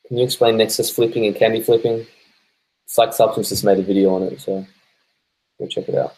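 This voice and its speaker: A man's voice: lowish voice, a little mellow, low-quality recording. A man with an Australian accent, stoned and laid-back, chatting casually on a live stream as he reads viewer comments aloud, swearing freely and laughing often. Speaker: live-stream host reading viewer chat.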